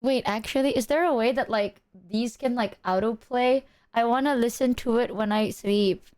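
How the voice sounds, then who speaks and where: A woman's voice: a little high, moderate pace, a little mellow. A woman streamer chatting casually to her audience, teary and rambling, with lots of "like" and laughter. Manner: emotional, laughing, rambling with filler "like". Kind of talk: casual live-stream chat.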